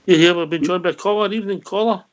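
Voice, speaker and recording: A man's voice: sits high, rapid-fire, no room sound. Guy co-hosting fan radio, upbeat and chatty, muffled audio. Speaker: radio show co-host. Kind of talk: casual fan radio chat. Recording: dull lo-fi sound.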